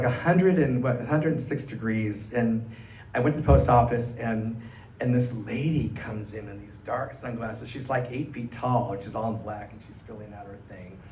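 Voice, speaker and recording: A middle-aged man, a cabaret performer, telling an animated anecdote to a live audience and acting out the people in it. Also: mid-range voice, recorded from a distance. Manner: animated, chatty, acts out the people in his stories. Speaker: cabaret singer and storyteller. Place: small arts venue stage, live audience. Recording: roomy live stage sound, faint room noise.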